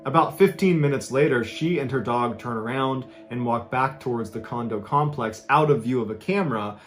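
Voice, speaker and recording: A man with a mid-range voice tells a true story with dramatic emphasis. He slows down to build tension and lifts his voice to act out what people said. His delivery is steady and practiced. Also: faint music behind. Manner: emphatic narration, acts out quoted speech with raised pitch. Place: played from an original video inside a reaction video.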